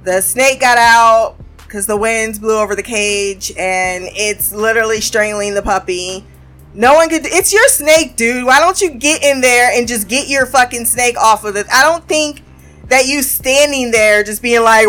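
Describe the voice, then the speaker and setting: A woman's voice: a little high, measured pace, faint music behind. Profane, laughing woman recapping a show. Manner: profane, animated, laughs often. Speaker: show reviewer. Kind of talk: casual TV episode recap.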